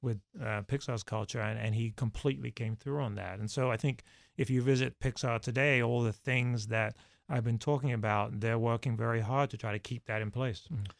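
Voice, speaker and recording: A man with a gravelly voice talks through his answers in a halting, reflective way. His many fillers and restarts make it sound unscripted. The sound is dry and close. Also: medium pitch, fairly even intonation, dry recording. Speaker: podcast guest, former studio executive. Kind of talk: conversational interview answers.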